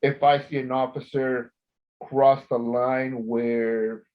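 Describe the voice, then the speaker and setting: A man's voice: mid-range voice, little pitch movement, slow. Blunt, profane man on a lo-fi line. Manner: blunt, profane, swings loud when quoting. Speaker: former corrections officer, co-host. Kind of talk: casual podcast storytelling.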